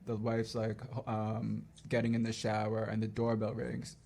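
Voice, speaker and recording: Gravelly low-voiced man telling a joke. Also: monotone, moderate pace, a little mellow. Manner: rambling, restarts his joke. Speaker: radio show co-host. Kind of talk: casual chat, telling a joke.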